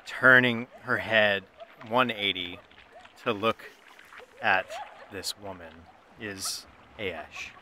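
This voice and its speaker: A man narrating a tabletop game as game master in a slow, soft storytelling voice. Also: on the low side, fairly even intonation, a little hiss or hum.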